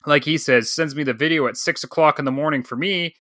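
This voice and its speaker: A man in his thirties tells a casual story on a podcast, slipping into the voices of the people in it. His voice is bright and forward. The sound is dry and close, with no room around it. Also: a little high, a little fast, no echo. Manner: animated storyteller, acts out quoted dialogue. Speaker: podcast co-host.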